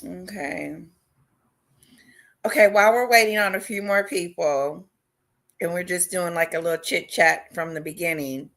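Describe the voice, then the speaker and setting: A woman hosting a casual livestream chat, talking loudly and excitedly and greeting viewers by name. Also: lowish voice, unhurried, long pauses. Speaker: livestream host.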